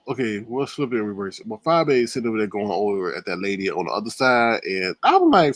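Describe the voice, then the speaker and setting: A man's voice: fairly low pitch, sing-song, fairly quick, few pauses, a bit bright, no echo. A man hosting a casual commentary stream, talking in a mocking way and laughing a lot as he speaks to his chat. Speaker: commentary show host.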